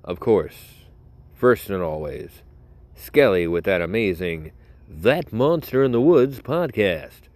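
A man's voice: lowish voice, big pitch swings, takes it slowly, darkish tone, no room sound. A man hosting a podcast, telling a rambling story in a casual way and breaking into laughter often. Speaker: podcast host.

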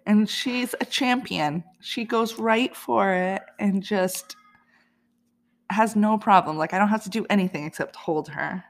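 A woman's voice: mid-range voice, unhurried. A woman hosting a podcast, telling a personal story in a chatty, casual way and laughing often. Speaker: podcast host.

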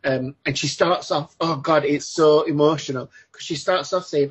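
A man's voice: fairly high pitch, steady tone, normal speed, hardly any pauses, slightly rough. A man chatting enthusiastically about a film, rambling with restarts, as a podcast co-host. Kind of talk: casual film discussion. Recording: dull lo-fi sound.

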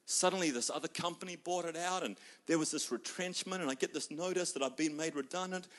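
New pastor preaching with big swings. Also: male voice, on the high side, quick pace. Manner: storytelling, acting out people's voices, swinging from loud to hushed. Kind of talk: sermon.

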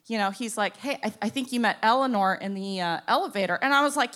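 Young female storyteller, bright and slightly high, animated character bits. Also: quick pace, few pauses. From Florida, USA. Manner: animated, acts out both sides of conversations. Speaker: storyteller comedian. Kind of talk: stand-up storytelling.

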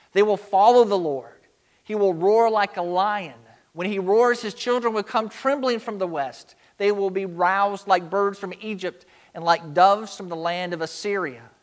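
A man preaching a sermon, earnest and emphatic, slowing down to stress key words. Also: sits high. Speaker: pastor.

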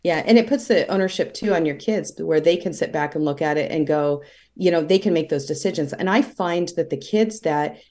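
Mellow-voiced woman, low and talkative. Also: brisk. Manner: talkative, tells stories at length. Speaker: holistic practitioner guest. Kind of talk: conversational interview.

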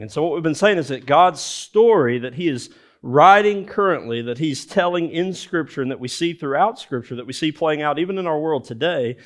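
A man, a lead pastor, preaching a sermon in a conversational way, with filler words and rhetorical questions. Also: fairly high pitch.

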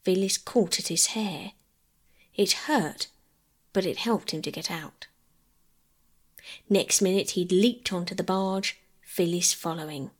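A woman storyteller reading a classic children's novel aloud as a calm bedtime story. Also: lowish voice, slow pace, long pauses.

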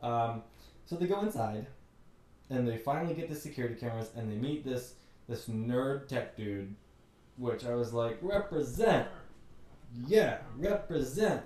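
A man's voice: medium pitch, normal speed, a little mellow, roomy sound, recorded from a distance. A man giving an exasperated, joking recap of a bad movie, putting on mocking voices as he goes. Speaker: movie reviewer. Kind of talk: comedic movie rant.

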